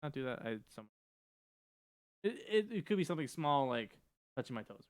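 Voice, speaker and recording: A young man co-hosting a podcast talks quickly in loose, jokey chatter. His voice is smooth and crisp, recorded dry and close with no room sound. He is from Minnesota. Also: medium pitch, very animated, no echo. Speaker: podcast co-host. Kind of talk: casual chat.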